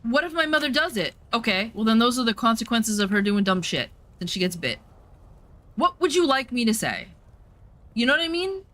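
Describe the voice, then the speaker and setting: A woman's voice: a little high, brisk. A woman streamer chats casually over her gameplay. She is blunt and swears freely, and she acts out the voices of the people in her story. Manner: animated storytelling, acts out quotes.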